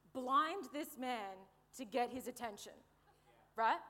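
A young woman preaching a sermon in a lively way, with joking asides and calls for an amen. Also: a little high. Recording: long hall reverb.

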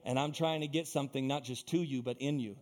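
A man's voice: medium pitch, steady tone, quick pace, darkish tone. A male pastor preaching a sermon in a church, building into fervent, repetitive exhortation.

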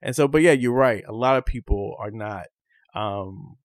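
A man co-hosting a podcast, chatting casually and telling animated stories, acting out quotes. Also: on the low side, normal speed, no room sound. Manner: animated storyteller, acts out quotes. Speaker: podcast co-host. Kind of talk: casual chat.

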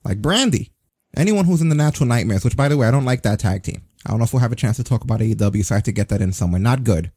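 Male podcast host, sarcastic ranter, dark husky tone, dry close mic. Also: medium pitch, very fast, no room sound. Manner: sarcastic, swearing, animated. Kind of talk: casual wrestling news chat.

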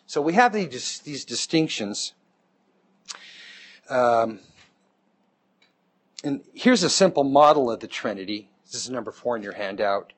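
A man's voice: mid-range voice, expressive, measured pace, pauses often. A man teaching a Bible class, explaining step by step and checking in with the class as he goes. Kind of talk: classroom lecture.

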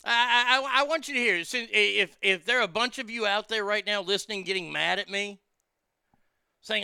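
A man's voice: high-pitched, moderate pace, creaky, pushed and bright, clear, resonant tone, no room sound, clean studio sound. A man hosting a commentary show, ranting heatedly with sarcasm and profanity and repeating words when worked up.

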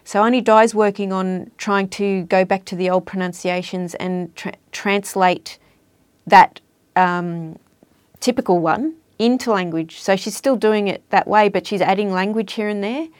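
A woman with a mid-range voice speaks at a measured pace, with no room sound, as a casual interview guest discussing language and culture. She explains things in a chatty way and tends to trail off at the ends of her points.

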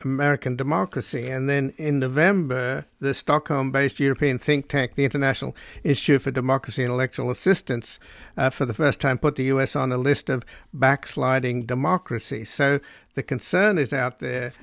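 A man's voice: mid-range voice, steady tone, brisk, gravelly, a bit bright, no echo. A man hosting a radio interview, asking long, probing questions. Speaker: radio host.

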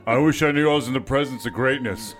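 Dude doing a gruff beefy racer guy, mid-pitched, some music low behind. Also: quick pace, natural voice. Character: beefy macho street racer, adult man.

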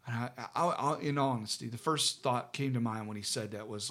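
A middle-aged pastor speaks with a bright, forceful tone at medium pitch while recounting a personal experience in casual conversation. He halts repeatedly, using many fillers and starting over.

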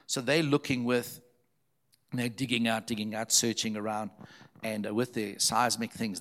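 A man's voice: lowish voice, a bit bright. A man, a preacher, earnestly recounting a story as a testimony and repeating phrases for emphasis.

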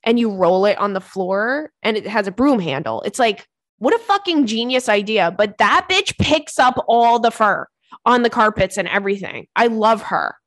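A young woman hosting a podcast in casual chat, talking fast and swearing, laughing often and breaking into high squeals. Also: expressive, a bit bright, no room sound. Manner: chatty, profane, laughs often, bursts into squeals. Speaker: podcast host.

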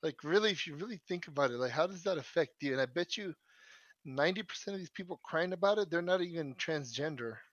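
A man's voice: on the high side, animated, fast, a bit bright, dry recording, dull audio. A man co-hosting a podcast in casual chat, slangy and profane, often tacking on "man.". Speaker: podcast co-host.

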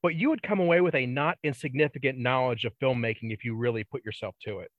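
A man in casual chat, talking in a thoughtful, measured and slightly wry way. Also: mid-range voice, no echo. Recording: dry, dull lo-fi mic.

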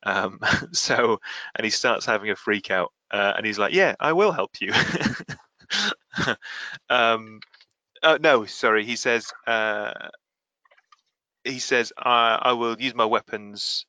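A man's voice: fairly low pitch, fairly even intonation, a little slow, bright, forceful tone, no room sound. A man hosting a casual comic-book podcast, recapping the plot with quoted lines and frequent laughs. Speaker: podcast host.

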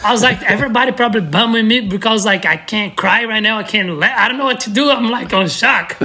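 A man's voice: sits high, fast, sharp tone. A man from Brazil, a guest on a podcast, telling a story in a loose, laughing, profane way with lots of restarts. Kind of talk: casual storytelling.

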